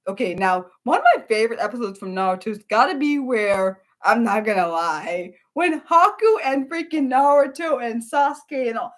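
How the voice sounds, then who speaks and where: Woman in her thirties, casual livestream host; excitable, profane, rambling, with sudden high-pitched outbursts. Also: moderate pace, few pauses. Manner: animated, swears freely, rambles with restarts. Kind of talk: casual unscripted livestream chat.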